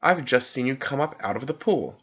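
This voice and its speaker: A man's voice: mid-range voice, animated, brisk, a bit bright, husky. A man reading an audiobook, voicing a dreamy, sensible young girl in a lifted, lilting voice. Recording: dull lo-fi recording.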